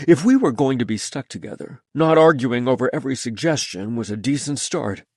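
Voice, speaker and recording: Lively male audiobook narrator. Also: medium pitch, fairly quick, dry recording, studio quality. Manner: lively, expressive storytelling. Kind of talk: scripted first-person narration.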